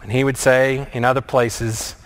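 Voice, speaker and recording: A man preaching a reflective sermon, asking many questions and moving between lively and hushed delivery. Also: mid-range voice, normal speed, slight background noise. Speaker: pastor.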